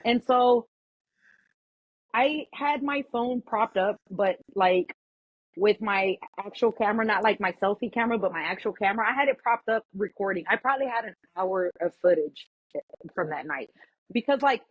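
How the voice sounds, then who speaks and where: A woman guest telling a story in casual chat, animated and full of "like", acting out what others said. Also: medium pitch, moderate pace, dry recording, highs cut off. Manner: animated, acts out quoted voices, lots of "like". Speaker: podcast guest.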